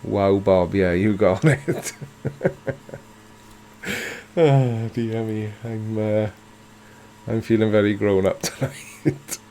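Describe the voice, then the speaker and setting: A man's voice: lowish voice, little pitch movement, takes it slowly, dark tone, slight background noise. Chuckling Welsh man reading live chat. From South Wales. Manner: self-mocking, dry and playful, chuckles often. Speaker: livestream host reading chat.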